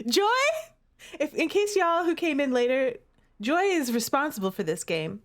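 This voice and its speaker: A woman's voice: high voice, huge pitch swings, slow pace, pauses often. A woman streamer reading a romance game's text aloud and reacting with dramatic, playful overreactions. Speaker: gaming streamer.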